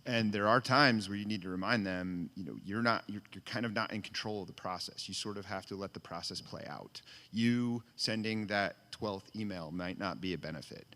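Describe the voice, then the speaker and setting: Casual: low-voiced guy giving advice on a panel, earnest, restarts a lot, echoey hall. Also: normal speed, few pauses, pushed and bright. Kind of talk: panel discussion.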